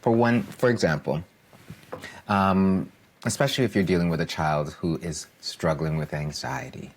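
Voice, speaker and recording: Male podcast guest coach, deep husky voice, emphatic and repetitive. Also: moderate pace. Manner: emphatic, repeats key phrases, asks "right?" for agreement. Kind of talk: earnest podcast discussion.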